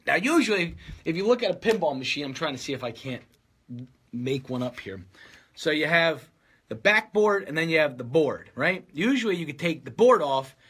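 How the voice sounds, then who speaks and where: Husky, bright-voiced man telling a story. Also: fairly high pitch, normal speed. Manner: animated, acts out friends' lines. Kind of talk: casual storytelling.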